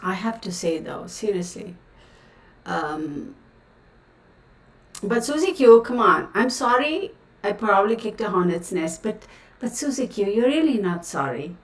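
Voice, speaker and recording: A woman's voice: mid-range voice, sing-song, measured pace, long pauses. Outspoken woman ranting in a roomy echo. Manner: outspoken, exasperated ranting with many fillers. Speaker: tarot reader hosting a livestream. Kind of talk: casual livestream chat. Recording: roomy sound from a distant mic.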